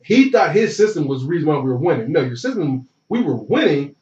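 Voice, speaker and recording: A man's voice: on the high side, brisk. A man, a former college football player, telling a story in casual slang and acting out what people said. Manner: animated, slangy, acts out quotes. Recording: roomy, distant and dull.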